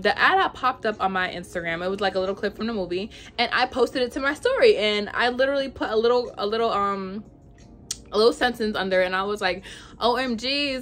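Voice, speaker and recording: A young woman vlogger telling a storytime in casual, animated chat, full of "like". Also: medium pitch. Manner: chatty, animated, says "like" a lot.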